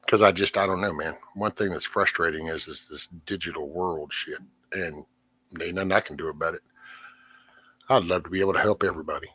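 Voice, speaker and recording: Low husky rambling man. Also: bright, forceful tone, no room sound. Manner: rambling, frequent cursing, trailing off. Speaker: livestream host. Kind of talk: casual venting livestream chat. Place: home.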